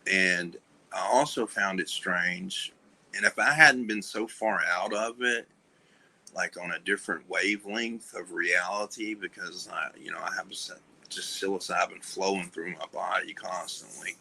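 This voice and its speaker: A man with a low, gravelly voice talks slowly as a podcast guest in a candid conversation. His tone is husky yet tense and bright-edged. He speaks haltingly, full of fillers and restarts, and often trails off softly. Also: low-quality recording. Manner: soft-spoken, trailing off. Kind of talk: candid conversation about recovery.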